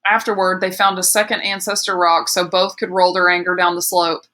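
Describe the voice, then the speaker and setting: Bright-voiced woman reading a novel aloud. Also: on the low side, flat delivery, brisk. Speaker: audiobook reader. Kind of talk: scripted narration.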